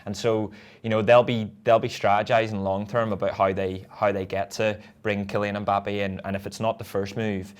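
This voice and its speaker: A man talks football in a relaxed, chatty way. His voice sits fairly low, and his sentences run on loosely, broken up by easy laughs. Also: moderate pace. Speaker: podcast co-host. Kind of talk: casual football chat.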